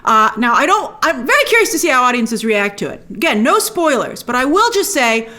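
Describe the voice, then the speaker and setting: A woman hosting a casual, opinionated TV review, chatty and animated, acting out quick asides. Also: on the high side. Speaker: host reviewing a TV series.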